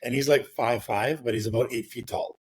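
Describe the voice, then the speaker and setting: A man's voice: mid-range voice, a little fast, breathy edge. A middle-aged man, a real estate agent, telling a casual story in an interview, rambling with lots of fillers, swearing now and then, and tagging "right?" onto his sentences.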